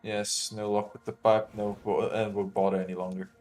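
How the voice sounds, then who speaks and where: A man's voice: fairly low pitch, little pitch movement, moderate pace, darkish tone. A man joining a game livestream, talking casually in a laid-back way and swearing. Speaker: co-streamer. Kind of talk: casual gaming stream chat.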